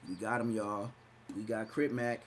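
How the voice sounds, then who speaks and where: A man's voice: fairly low pitch, flat delivery, moderate pace, a little hiss or hum. A man hosting a livestream podcast, talking trash in a brash, mocking way and slipping into exaggerated voices. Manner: hyped, shifts into exaggerated voices. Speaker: podcast host. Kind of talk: livestream commentary.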